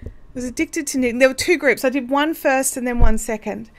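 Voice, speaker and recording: A woman's voice: sits high, a little fast. An Australian woman hosting a casual craft livestream, chatty and bubbly, rambling with lots of fillers. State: hiccups. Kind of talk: casual live chat.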